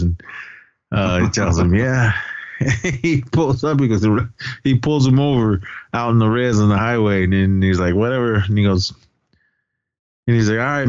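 Rambling and profane, a male podcast co-host casually recaps a movie's plot, laughing as he goes. His voice is low and a little mellow. The audio is dull, with no room sound.

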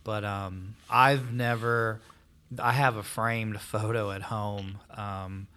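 A man interviewing in a relaxed way, asking hesitant questions with fillers. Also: fairly low pitch, slow. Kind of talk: casual interview.

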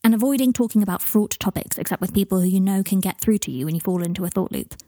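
A woman reading a blunt, matter-of-fact wizard officer in an audiobook. The voice is husky and mellow. It is recorded close and dry. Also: mid-range voice, fast, no room sound, close to an everyday voice. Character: plain-spoken male wizard auror.

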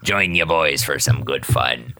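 A man doing a gruff old Mister Krabs. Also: a bass voice, unhurried, bright, forceful tone, pitched below the performer's own voice, full character voice. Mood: grumpy. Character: grumpy old male crab, a cartoon restaurant boss.

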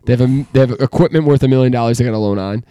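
A man on a casual podcast, talking in a chatty, emphatic way and piling one story on the next. His voice sits at an ordinary pitch, and the sound is dry and close with no room echo. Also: racing, warm tone. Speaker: podcast co-host. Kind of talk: casual chat.

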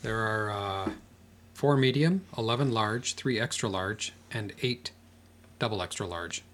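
A man hosting a podcast in casual chat, easygoing and quick to laugh. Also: fairly low pitch, fairly bright tone, slight background noise. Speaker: podcast host.

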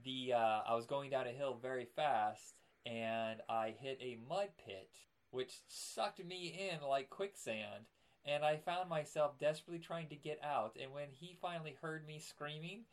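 A young man co-hosting a podcast, chatting casually and acting out his stories with loud outbursts. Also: medium pitch, unhurried. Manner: animated storyteller, acts out scenes with loud outbursts. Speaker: podcast co-host. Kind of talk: casual chat.

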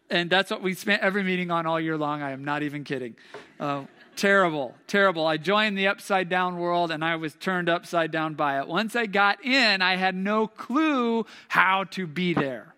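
Middle-aged male preacher, light high tone, self-mocking storyteller, long church echo. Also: bright, forceful tone. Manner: humorous, self-deprecating storytelling. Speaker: pastor. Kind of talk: sermon with personal story.

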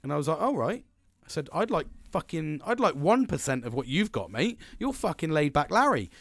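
A man's voice: a little high, sing-song, a little fast, vocal fry, dry recording. A man in his thirties hosting a solo motivational podcast, talking energetically, rambling and swearing often. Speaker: podcast host.

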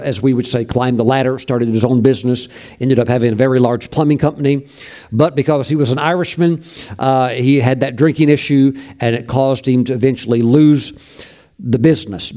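A man's voice: mid-range voice, warm tone. A middle-aged male preacher telling a personal story in a folksy sermon, with many fillers.

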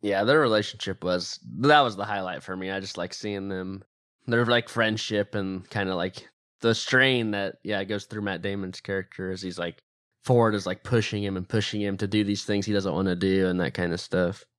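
A man's voice: low-pitched, fairly even intonation, normal speed, fairly bright tone, no echo, studio quality. A man co-hosting a podcast, chatting casually and playfully about a movie. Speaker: podcast co-host. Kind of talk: casual movie review chat.

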